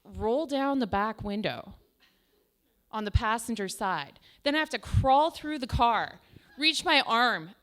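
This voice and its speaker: Bright, crisp-voiced woman doing stand-up. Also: on the high side, expressive, slow pace. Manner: self-deprecating, chatty, filled with "like". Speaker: stand-up comedian. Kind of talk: stand-up comedy storytelling. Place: small comedy show stage.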